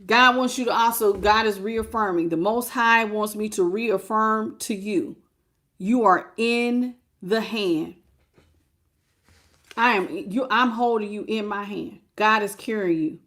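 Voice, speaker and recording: A woman's voice: mid-range voice, a little slow, a bit bright. A woman tarot reader giving a preachy, emphatic spiritual pep talk in casual, repetitive speech.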